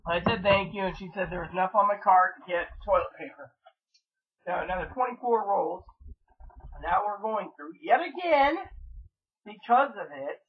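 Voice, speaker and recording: A man's voice: high-pitched, lively intonation, moderate pace, slightly rough, phone-quality sound. A man hosting his own video blog, talking in a casual, rambling and frustrated way, and swearing freely. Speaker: vlog host.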